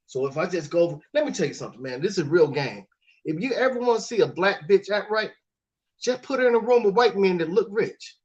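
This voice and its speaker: A man co-hosting a casual talk show, with a high-pitched speaking voice. He talks in a preachy, lecturing way. He likes to mock people by putting on their voices. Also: animated, a little fast, lo-fi sound. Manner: preachy, mocking, acts out voices. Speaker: podcast co-host. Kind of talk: casual chat.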